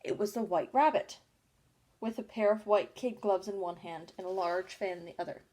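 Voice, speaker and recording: A woman narrating a storybook in a plain, unhurried reading with small slips. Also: medium pitch, warm tone. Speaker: audiobook reader.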